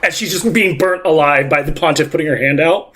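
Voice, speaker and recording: A man's voice: a little high, brisk, fairly bright tone. Rambling young man running a tabletop game. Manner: rambling, full of "like" fillers. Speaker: game master. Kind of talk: improvised tabletop game narration.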